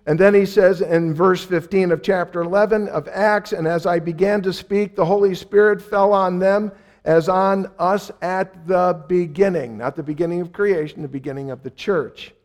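A man's voice: high-pitched, fairly even intonation, moderate pace, darkish tone. A man preaching a sermon, repeating key phrases for emphasis and acting out the people he quotes.

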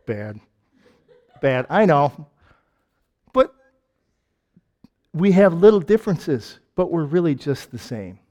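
A man with a Michigan accent preaching a conversational sermon, firing off rhetorical questions and jokes and swinging between loud and quiet. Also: fairly high pitch, sing-song, slow pace, pauses often. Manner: asks lots of rhetorical questions.

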